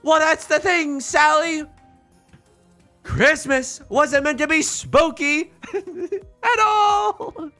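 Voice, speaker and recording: A man impersonating Jack Skellington, high and theatrical. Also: very slow, long pauses, pushed and bright, faint music behind, full character voice. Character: gaunt skeleton man, theatrical and wistful.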